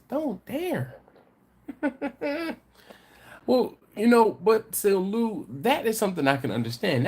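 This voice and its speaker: A man's voice: a little high, breathy edge. Congested man chatting on a live stream. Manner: rambling, full of fillers and restarts. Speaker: host of a barbecue channel. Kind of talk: casual live-stream chat.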